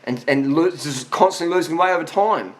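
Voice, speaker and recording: A man's voice: on the high side, fairly quick. A man of forty giving blunt, profane answers to viewer questions in a casual monologue, worn out after a long ride. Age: 40s.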